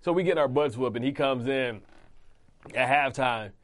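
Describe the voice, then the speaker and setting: A man's voice: medium pitch, moderate pace. A man in his forties, a former football player, telling stories in a casual interview, laughing and acting out what others said. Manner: animated, laughing storyteller who acts out quotes.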